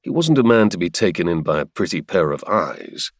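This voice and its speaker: A man narrating a romance audiobook in a measured, dramatic way. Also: low voice, sing-song, dry recording, studio quality.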